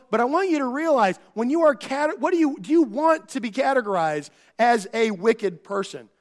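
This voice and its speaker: His voice sitting high, a middle-aged pastor preaches earnestly in a conversational way. He frequently starts phrases over and acts out quoted lines.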